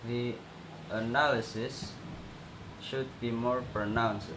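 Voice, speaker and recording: A young male student slowly reading out a pronunciation assessment and demonstrating sounds. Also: mid-range voice, steady tone. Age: young adult. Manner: slow, careful, demonstrating sounds. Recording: echoey room with noticeable background noise.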